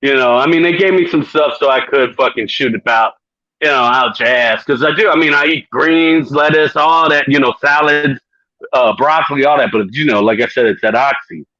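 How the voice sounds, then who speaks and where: A man's voice: medium pitch, normal speed, dry recording, muffled recording. A man hosting a podcast, telling a long crude story casually, swearing and laughing often. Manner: profane, laughing, animated storyteller. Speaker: podcast host.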